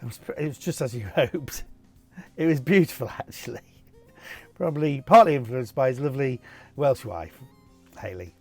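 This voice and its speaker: A man's voice: mid-range voice, lively intonation, normal speed, long pauses, darkish tone, no echo, soft background music. A cheerful middle-aged man hosting a casual Q&A, reading out viewer questions and answering them in a jokey, chatty way. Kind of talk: casual Q&A video.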